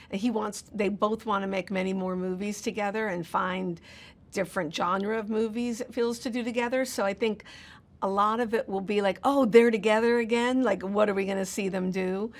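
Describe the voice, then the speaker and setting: Rambling woman producer, casual interview. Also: medium pitch. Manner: casual, rambling, many fillers. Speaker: film producer. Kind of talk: press junket interview.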